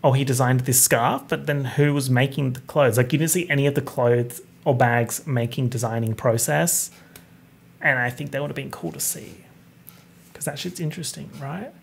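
A man's voice: medium pitch, moderate pace, creaky, husky. A man hosting a solo podcast, chatty and opinionated, swearing freely. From Italian heritage. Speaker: podcast host. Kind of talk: casual solo podcast chat.

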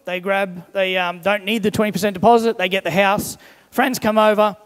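Preacher with a high voice in an echoing hall. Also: male voice, normal speed. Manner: animated storyteller, briefly voices the people in his examples. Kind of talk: sermon with acted-out stories. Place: church hall. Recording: long echo of a large church hall.

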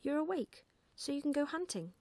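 A woman voicing an excitable young male barn owl in whispered role-play, high and eager. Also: a little slow, no echo. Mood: pleading.

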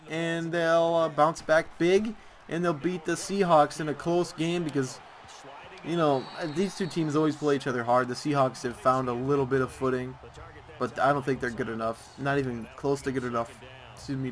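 A man's voice: on the high side, a bit bright. A young man giving football picks over gameplay in a sarcastic, ranting way, drawing out words for emphasis. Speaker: YouTuber making predictions. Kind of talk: casual commentary over gameplay.

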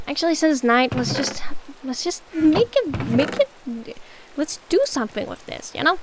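A woman's voice: high-pitched, expressive, a little slow, background noise. A young woman giving casual gameplay commentary, muttering to herself, swearing and getting exasperated. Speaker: gaming YouTuber. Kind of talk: casual let's-play commentary.

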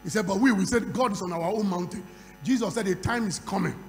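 A man preaching a sermon at a conference, moving from quiet storytelling to loud shouting. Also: high voice, quick pace. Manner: acts out dialogue in a conversational storytelling voice. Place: large conference hall. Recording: reverberant hall with faint hum.

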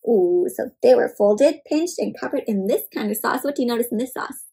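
A woman reading a picture book aloud to children, animated and often asking her young listeners questions. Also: on the high side, fairly quick, creaky, husky. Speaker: children's storyteller. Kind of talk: interactive read-aloud for kids.

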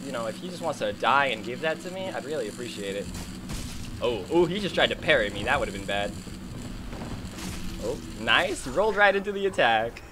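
A man giving excitable, chatty commentary while streaming a game. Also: mid-range voice, brisk, background noise. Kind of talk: casual gameplay commentary.

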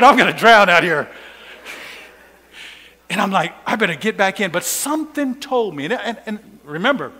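A man preaching a sermon, telling a personal story with laughs and sudden shouts. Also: very high voice, big-room sound.

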